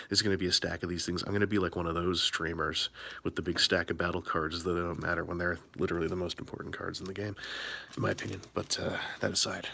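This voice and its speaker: A man chatting on a late-night live stream while opening card packs, rambling and low-key, keeping his excitement in check, from a hotel room. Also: creaky.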